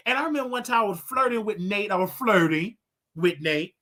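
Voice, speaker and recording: A man hosting his own show, ranting and preaching to his audience in a casual, animated way with loud outbursts. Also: high voice, fairly quick. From United States. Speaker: show host. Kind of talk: casual livestream rant.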